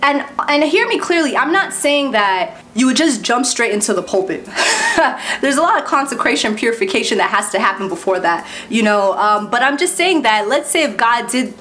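A woman giving a casual Christian exhortation that ends in a prayer. She is lively and preachy, laughs between points and repeats herself. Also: a little high, fairly quick, hardly any pauses.

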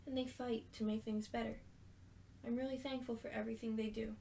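A woman reading aloud the lines of a hurt but gentle young woman from a story game, in an earnest voice. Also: fairly high pitch, little pitch movement, fairly quick, creaky, slight background noise.

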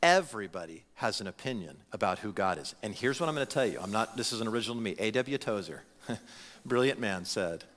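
A man's voice: on the low side, animated, fairly quick, a bit bright, long reverb tail. A pastor in his forties preaching a sermon in a church, acting out the voices of the people he quotes. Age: 40s. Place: church sanctuary.

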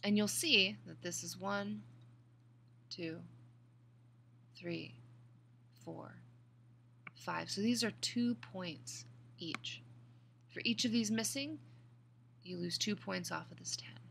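Woman teacher walking students thru a speech assignment, a bit of vocal fry, emphatic, faint hiss behind. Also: medium pitch, slow pace, long pauses, fairly bright tone. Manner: clear, emphatic, repeats reminders. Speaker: college speech instructor. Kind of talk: recorded class instructions.

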